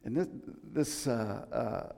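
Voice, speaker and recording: Gravelly man preaching a casual sermon. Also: mid-range voice, slow, a little mellow, in a large hall. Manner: conversational, joking, many restarts.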